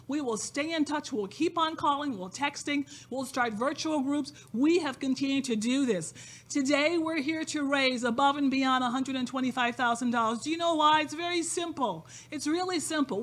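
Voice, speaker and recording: Woman on stage at a fundraiser, high voice, emphatic and repeats herself for effect. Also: a bit bright. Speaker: nonprofit founder speaking at a fundraiser. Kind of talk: inspirational event speech. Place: event stage with a live audience.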